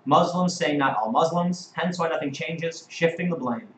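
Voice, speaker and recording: A man's voice: fairly high pitch, moderate pace, a bit bright, reverberant, a little hiss or hum, rough recording. A male host on a live-stream debate who talks in an emphatic, profane way and reads out viewer comments.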